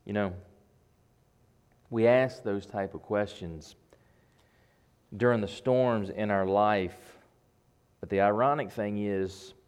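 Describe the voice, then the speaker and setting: A man preaching a sermon, swinging between loud bursts and hushed passages, building rhythmic lists and asking his listeners questions. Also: lowish voice, takes it slowly, pauses often, smooth. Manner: addresses listeners directly with questions.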